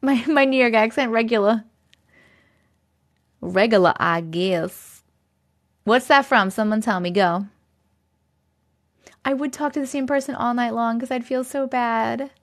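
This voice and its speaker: Her voice leans high and moves at a moderate pace as she livestreams from her home basement using a regular microphone. Casual and quick to laugh, she reads viewer comments aloud and thanks each person.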